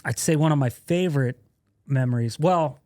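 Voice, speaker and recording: A man in his thirties, a podcast guest, telling stories in a casual, profane way, laughing often and acting out loud quotes. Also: a little high, normal speed, dry recording, clean studio sound. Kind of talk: casual storytelling.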